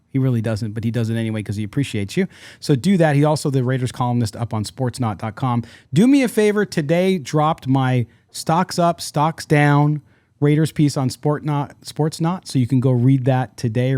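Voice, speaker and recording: A man co-hosting a sports podcast, talking casually and jokily with quick asides and restarts. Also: medium pitch, a little mellow, no room sound, clean studio sound. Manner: rambling, jokey, quick asides. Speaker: podcast co-host.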